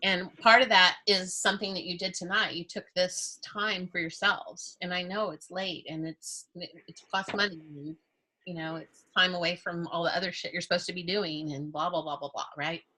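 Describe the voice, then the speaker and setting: Woman teacher, bright and a touch raspy, chatty and joking with her class. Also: fairly low pitch, fairly even intonation, normal speed. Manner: candid and joking, with playful self-talk. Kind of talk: casual, chatty class talk.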